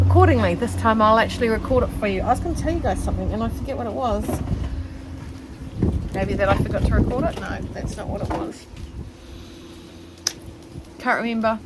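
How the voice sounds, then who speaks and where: A middle-aged woman with a New Zealand accent talks through her sewing outdoors on a shaded deck. She rambles cheerfully, pokes fun at herself and fills her pauses with ums. Her voice sits at an ordinary pitch, with faint noise in the background. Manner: rambling and self-mocking, with many ums. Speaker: sewing vlogger. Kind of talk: casual chatty vlog.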